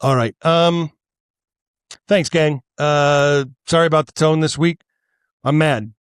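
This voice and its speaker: A man hosting a political podcast alone, ranting angrily with swearing and frequent halting restarts. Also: on the high side, fairly even intonation, smooth, no echo, clean studio sound. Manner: angry, profane, halting with repeated restarts. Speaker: podcast host. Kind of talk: solo political rant.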